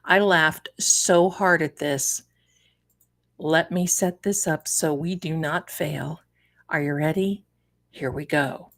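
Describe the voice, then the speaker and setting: A woman hosting a live tarot stream, chatting in a loose, exclamatory way while she fiddles with her setup. Her voice sits a little low, and she talks unhurriedly, drawing out her words. It sounds like a home computer mic. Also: slow pace. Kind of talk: casual live-stream chat.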